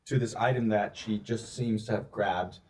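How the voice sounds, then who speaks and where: A man narrating as game master of a tabletop game, pausing often and filling gaps with ums and likes. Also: fairly low pitch, fairly even intonation, darkish tone. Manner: hesitant, filler-heavy narration.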